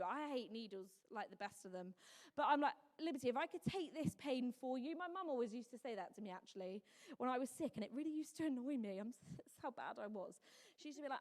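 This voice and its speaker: A woman with a high, bright voice preaches in a church hall, her words trailing off in a long reverb. She tells stories in a lively, animated way and acts out the other people's voices. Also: quick pace. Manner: animated storytelling with mimicked voices and laughs. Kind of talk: Mother's Day sermon.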